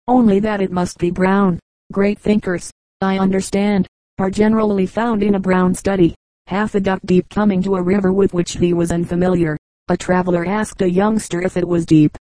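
A woman reading a book of short jokes aloud, moving quickly between narration and quoted speakers. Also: mid-range voice, mellow, dry recording, poor audio. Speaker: audiobook reader.

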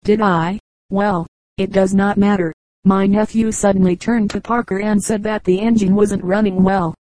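A woman's voice: medium pitch, fairly even intonation, moderate pace, a little mellow, no room sound, natural voice, low-quality recording. A woman voicing a rambling, matter-of-fact male commercial traveler in an audiobook.

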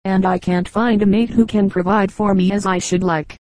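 A woman's voice: medium pitch, steady tone, moderate pace, darkish tone, no echo, lightly acted. A woman reading the part of a sad, plaintive female eagle in a storybook fable. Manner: plaintive, then eager.

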